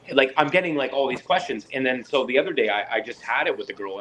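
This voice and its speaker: A man's voice: mid-range voice, fast, hardly any pauses, slight background noise, low-quality recording. A man from Canada chatting casually, acting out both sides of the conversations he tells. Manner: animated storyteller, acts out both sides of conversations. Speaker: fish keeper on a live chat. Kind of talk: casual chat.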